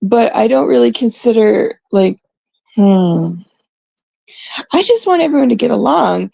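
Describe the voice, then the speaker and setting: A woman's voice: fairly high pitch, animated, a little slow, gravelly, mellow, slightly rough, no echo. A Canadian woman in casual, unscripted talk to her chat, blunt and rambling, swearing often. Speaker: streamer talking to chat.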